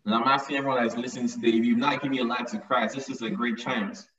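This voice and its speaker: A man's voice: mid-range voice, fairly even intonation, fast talker, fairly bright tone. A man preaching a sermon with emphasis, often repeating his lines to drive them home. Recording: echoey, distant, dull sound.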